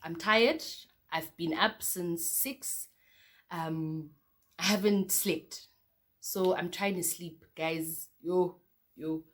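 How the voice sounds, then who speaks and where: A woman's voice: fairly low pitch, takes it slowly. A young woman with a South African accent telling a personal story to camera in a chatty, casual way, often calling out to her viewers. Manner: chatty, addresses viewers as guys, repeats "okay, cool" between beats. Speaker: vlogger.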